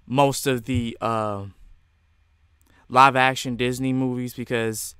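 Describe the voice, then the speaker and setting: A man giving casual reaction commentary, halting and searching for words. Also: mid-range voice, flat delivery, fairly bright tone, clear, resonant tone, no room sound, clean studio sound. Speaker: reaction video host.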